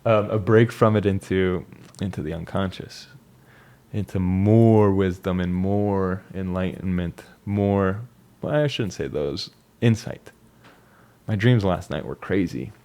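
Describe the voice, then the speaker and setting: A man's voice: low-pitched, a little mellow. A young man talking casually and reflectively about his life, rambling with restarts and fillers. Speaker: vlogger. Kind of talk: casual personal monologue.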